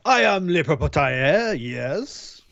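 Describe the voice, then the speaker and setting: A man's voice: fairly high pitch, sing-song, takes it slowly, vocal fry, fairly bright tone, exaggerated voice. A man voicing a fawning French chateau owner in a live script read, with a put-on French accent and a pompous manner, on a lo-fi line. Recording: lo-fi dull sound.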